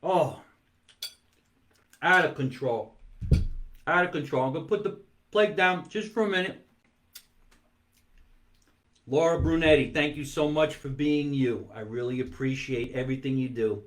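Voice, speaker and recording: A man hosting a live comedy stream from his basement, talking in a playful, animated way. He stretches words out for emphasis, and at times he talks between bites of food. His voice sits a little higher than most men's. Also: normal speed, pauses often. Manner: talks while eating. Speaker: comedy talk show host. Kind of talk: live-streamed comic monologue. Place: home basement.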